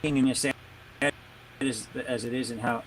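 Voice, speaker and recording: A man who creates comics, a guest on a video call, telling his story in a halting way, searching for words. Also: medium pitch, fairly even intonation, slight background noise. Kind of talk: casual interview chat.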